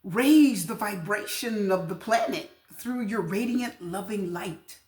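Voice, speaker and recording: A woman's voice: medium pitch, slow, darkish tone, reverberant. A woman giving a casual tarot reading to camera, emphatic and chatty, repeating her points to the viewers. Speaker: tarot reader.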